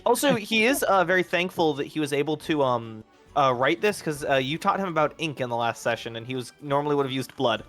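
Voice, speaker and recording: A man's voice: fairly high pitch, lively intonation, brisk, fairly bright tone, faint music behind. Hesitant man explaining at a game table. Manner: hesitant, full of ums. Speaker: player. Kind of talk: tabletop role-play, casual chat.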